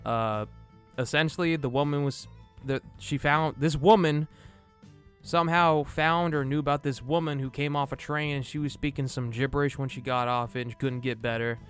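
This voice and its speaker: A man's voice: mid-range voice, fairly even intonation, normal speed, a bit bright, clear, resonant tone, faint music behind. A man reviewing a film in a loose, casual way, retelling the plot with swearing and acting out the characters' lines. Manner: loose, profane retelling with laughs and acted-out quotes. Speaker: movie reviewer.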